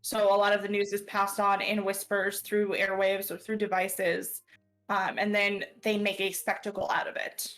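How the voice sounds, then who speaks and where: Casting note: mid-pitched woman, thoughtful guest, faint music behind. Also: completely flat delivery, moderate pace, a bit bright, poor audio. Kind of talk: casual chat.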